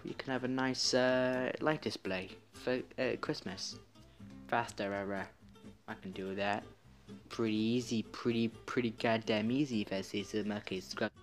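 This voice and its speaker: Guy doing slow lazy game commentary, swearing under his breath, faint guitar music behind. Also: lowish voice. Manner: mutters to himself, swears casually. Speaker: gaming video creator. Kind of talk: let's-play commentary.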